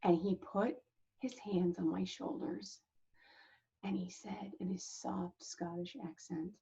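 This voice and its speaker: A woman's voice: medium pitch, level tone, slow pace, creaky, dark tone, breathy edge, highs cut off. A woman hosting her own channel, telling her life story to the camera in a candid, chatty way and laughing between lines. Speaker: channel host.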